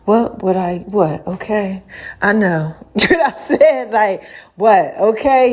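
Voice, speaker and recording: A woman's voice: medium pitch, big pitch swings, normal speed, darkish tone. Playful slangy woman podcaster. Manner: laughs often, slangy and playful, voices quoted talk. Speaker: podcast host. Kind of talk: casual monologue.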